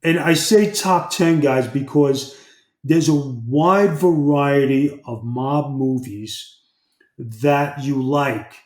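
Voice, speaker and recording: A man's voice: medium pitch, slow. A man co-hosting a podcast as a mob historian, talking bluntly and profanely in a rambling way. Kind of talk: casual podcast chat. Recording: roomy echo.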